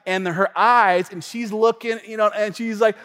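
A man preaching a sermon as pastor, telling a story in an animated, conversational way with frequent asides to the congregation. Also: high voice, moderate pace, big-room sound. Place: church sanctuary.

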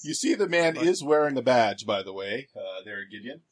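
A man acting as game master, narrating a tabletop game and pausing often with filler words as he describes the scene. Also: mid-range voice, animated, a little hiss or hum.

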